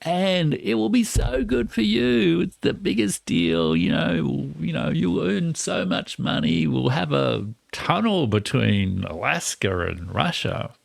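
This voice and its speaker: A man's voice: a little high, big pitch swings, slow pace, gravelly, hardly any pauses, no echo, voice pushed up, heavily acted. A man putting on the voice of an impatient, pushy older president who keeps repeating himself. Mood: pleading.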